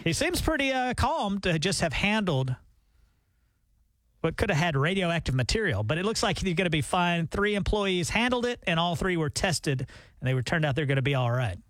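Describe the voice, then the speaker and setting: A man co-hosting a morning radio show, chatting and telling stories in a jokey, animated way. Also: high-pitched, normal speed, dry recording, studio quality. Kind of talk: casual radio banter. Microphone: studio microphone.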